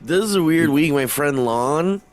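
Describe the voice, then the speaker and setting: A man co-hosting a casual chat podcast, sounding sleepy and talking in a halting, rambling way. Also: on the high side, lively intonation, dry recording. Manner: rambling, halting, tired delivery. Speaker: podcast co-host.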